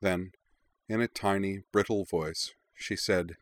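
A man narrating a story in a measured, expressive reading. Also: deep voice, no room sound. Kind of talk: audiobook narration of fan fiction.

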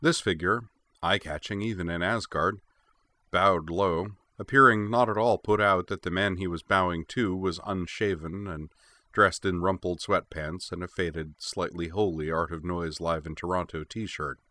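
A man narrates a fantasy novel in a measured, steady storytelling voice. His pitch is low and deep, and the recording is dry and close, with no room sound. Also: no echo. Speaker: audiobook narrator. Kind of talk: scripted narration.

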